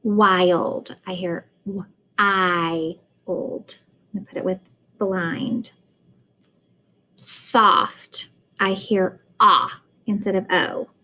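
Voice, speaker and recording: Slow, deliberate woman teaching phonics. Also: medium pitch, fairly even intonation, sharp tone, low-quality recording. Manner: slow, deliberate, sounds out vowels. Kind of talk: phonics lesson.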